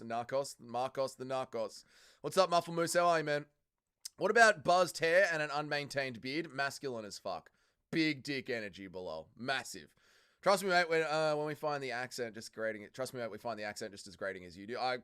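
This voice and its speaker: Crude, bantering male streamer, smooth voice. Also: mid-range voice, moderate pace, a bit bright. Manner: banters crudely while reading viewer chat aloud; casual, swears freely, calls people mate. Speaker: livestream host. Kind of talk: casual live-stream watch-along chat.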